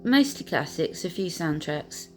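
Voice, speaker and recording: A woman and piano teacher gently recalling her own learning, talking hesitantly with many pauses and fillers. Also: lowish voice, big pitch swings. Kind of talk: reflective personal storytelling. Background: piano music.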